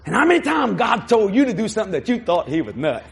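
A man preaching a sermon with comic storytelling, in a folksy, animated manner. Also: high voice, fast talker, vocal fry, a little hiss or hum. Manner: animated, folksy, acts out voices.

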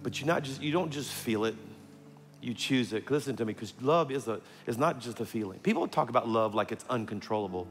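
A man's voice: medium pitch, animated, a little fast. A middle-aged man preaching a sermon, telling a personal story with humorous asides and acting out the voices he quotes. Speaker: pastor. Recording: long hall reverb, faint music.

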